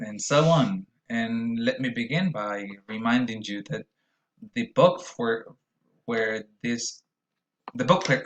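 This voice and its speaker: A man's voice: medium pitch, fairly bright tone. Patient man teaching pronunciation. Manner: explanatory, patient, models sounds aloud. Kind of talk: recorded video lecture.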